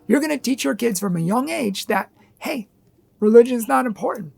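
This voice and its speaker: Husky, earnest woman giving parenting advice. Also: on the high side, a little fast, dark tone. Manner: earnest, emphatic, repetitive lists. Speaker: parenting and faith video host. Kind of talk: direct-to-camera advice monologue.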